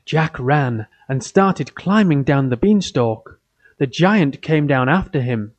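A man reading a simple fairy tale aloud for children, in an even storytelling way. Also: a little high. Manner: slow, simple, evenly paced storytelling. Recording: dull lo-fi recording.

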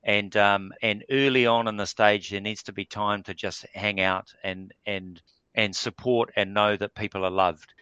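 A man's voice: fairly low pitch, steady tone, measured pace, bright, forceful tone, clear, resonant tone, no room sound, highs cut off. A man answering interview questions in a casual, hesitant way, full of fillers and restarts. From New Zealand. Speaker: guest.

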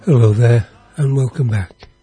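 A man presenting on radio, reading a formal introduction in a steady way. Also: mid-range voice, normal speed, faint music behind. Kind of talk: scripted introduction read aloud.

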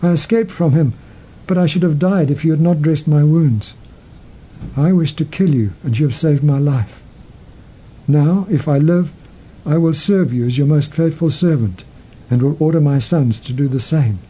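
A man's voice: fairly high pitch, normal speed, mellow, slightly rough, low-quality recording. A man doing a weak repentant wounded enemy. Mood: contrite. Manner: weak, contrite.

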